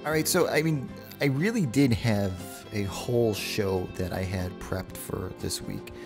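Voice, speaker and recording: A man's voice: on the low side, a little slow, over music. A man hosting a solo podcast, talking casually and rambling with profane asides. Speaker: podcast host.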